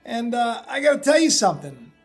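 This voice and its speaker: Faint music backs a man whose very high-pitched, gravelly voice is very animated and brisk. Hosting a prophecy video, he rambles through a chatty monologue on the end times, scattering fillers and asides.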